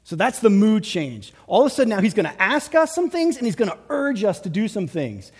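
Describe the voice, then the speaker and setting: A man with a high voice preaches to his congregation in an urgent, emphatic way. His words ring out with a long reverb, as in a large church hall. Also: sing-song, a little fast, a little mellow, breathy edge. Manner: urgent, emphatic preaching with acted pep talks. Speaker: pastor. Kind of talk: sermon.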